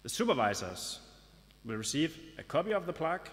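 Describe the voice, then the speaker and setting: A man's voice: a little high, very animated, brisk. Man giving a formal speech in a reverberant hall. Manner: formal, lightly joking, announcing. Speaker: business association representative. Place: large hall at a graduation ceremony. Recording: long reverb of a large hall.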